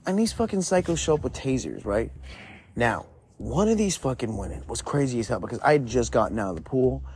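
A young man recounting a story casually, swearing all the time and padding with "like". His voice sits in an ordinary middle pitch. Faint music plays in the background. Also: lively intonation, brisk, darkish tone. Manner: rambling, swears constantly, lots of 'like'.

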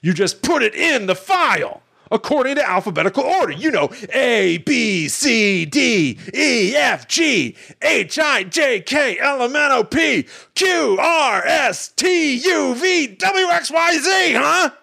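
A frantic man ranting, voice shooting way up high and yelling, wild swoops. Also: big pitch swings, slow pace, gravelly, hardly any pauses, exaggerated voice. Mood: ranting shout. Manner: shrill, yelling, climbing into a shout. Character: frantic ranting man doing an alphabet tirade.

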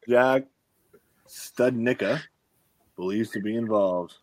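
A man's voice: lowish voice, slow, a little mellow, dry recording. A man co-hosting a podcast in casual chat, teasing his friends with joking banter. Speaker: podcast co-host.

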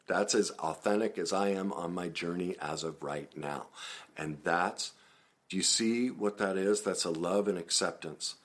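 A man hosting a casual monologue in a somewhat low voice. He laughs easily and acts out other people's comments. When he reflects, he turns calm and earnest. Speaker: podcast host and emotional recovery coach.

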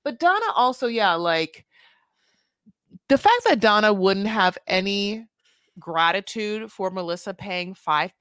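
A woman's voice: mid-range voice, lively intonation, unhurried, a bit bright, clear, resonant tone, dry recording, studio quality. A woman co-hosting a reality TV recap podcast in casual chat, acting out quotes in funny voices. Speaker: podcast co-host.

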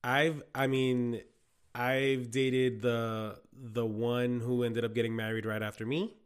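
A young man co-hosting a casual chat, talking in a relaxed, wry way about his own dating past. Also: mid-range voice, takes it slowly, smooth. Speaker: podcast co-host.

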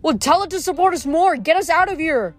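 A woman reading aloud, voicing a frightened teenage girl who yells and stammers. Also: extremely high pitch, expressive, a little fast, voice pushed up. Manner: yelling, stammering in fear.

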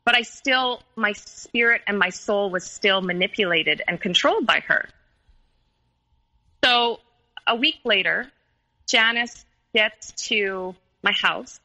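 A woman's voice: mid-range voice, sharp tone, highs cut off. Earnest woman telling a painful story. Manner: earnest and halting, many pauses and restarts. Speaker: podcast guest. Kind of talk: personal storytelling interview.

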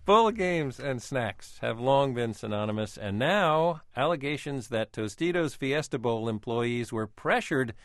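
A man reads sports headlines in a studio with a dry, wry touch, then tosses each item to his co-host. The sound is close and dry, with no room echo. His pitch sits in the middle for a man. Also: animated, unhurried, hardly any pauses. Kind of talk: scripted news items with banter.

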